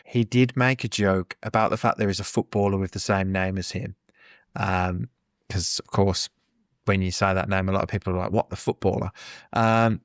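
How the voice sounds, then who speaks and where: A middle-aged man, co-hosting a podcast and telling an animated story with a laugh in his voice. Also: on the low side, clean tone, no room sound, clean studio sound. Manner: chatty, animated, laughs while telling stories. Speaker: podcast co-host. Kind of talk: casual chat, storytelling.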